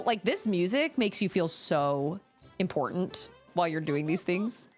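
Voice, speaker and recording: A woman streaming a video game, chatting casually and reacting with quick exclamations as she plays. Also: medium pitch, soft background music. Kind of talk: live-stream gaming commentary.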